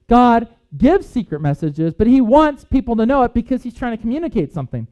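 A man preaching an informal sermon, reading scripture and retelling the story with lively acted-out quotes. English is not his first language. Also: very high voice, a little fast, hardly any pauses, smooth, muffled recording. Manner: animated storyteller, acts out quotes, chuckles.

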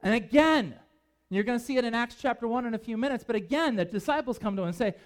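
A man preaching a sermon as pastor, emphatic and animated, with conversational asides. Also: very high voice, fast talker.

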